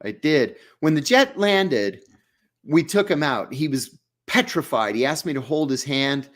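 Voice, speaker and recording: A man's voice: fairly high pitch, animated, a little slow, a bit bright. A man, an interview guest, telling a story in vivid first person and acting out the dialogue.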